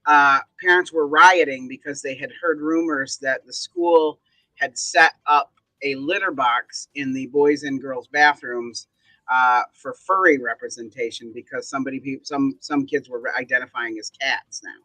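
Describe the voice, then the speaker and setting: A man in his forties, a comedian guest telling stories in casual chat, deadpan asides. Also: medium pitch, normal speed, no echo, rough recording. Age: 40s.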